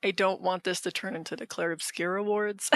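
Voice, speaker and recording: Bright-voiced woman chatting and laughing. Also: lowish voice, steady tone, fairly quick, dry recording. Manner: laughs easily, playful. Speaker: podcast co-host. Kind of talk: casual chat.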